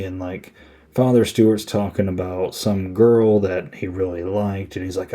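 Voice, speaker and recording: Laid-back low-voiced male podcaster. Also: flat delivery, normal speed, dark tone. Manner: rambling, filler-heavy, laid-back. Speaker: podcast host. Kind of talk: casual movie review.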